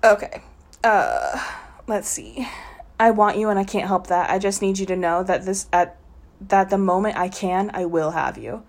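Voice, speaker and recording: A woman's voice: mid-range voice, normal speed. A woman co-hosting a podcast, reading a trashy novel aloud with sarcastic, giggly asides. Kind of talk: mocking dramatic reading with commentary.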